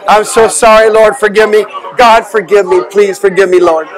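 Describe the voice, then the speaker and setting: A man leading a deliverance prayer, forceful and commanding, often shouting. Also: high-pitched, fairly even intonation, moderate pace, faint music behind, poor audio. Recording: crowd noise behind.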